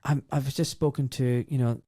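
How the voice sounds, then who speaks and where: Man, Scottish accent, fifties, outspoken, mimics voices in his stories, middling pitch, dry close sound. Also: moderate pace, dry recording. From Glasgow, Scotland. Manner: lively and outspoken, acts out quoted voices. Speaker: doctor and former surgeon, interview guest. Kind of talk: candid interview storytelling.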